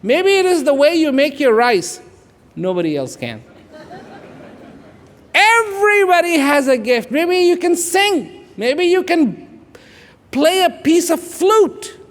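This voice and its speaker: A man in his fifties from India, speaking, gives an inspirational speech to an audience. He repeats phrases for emphasis and swings between hushed and loud. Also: extremely high pitch, very animated, slow pace, long pauses, a faint crowd. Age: 50s. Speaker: public speaker. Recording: echoey large hall.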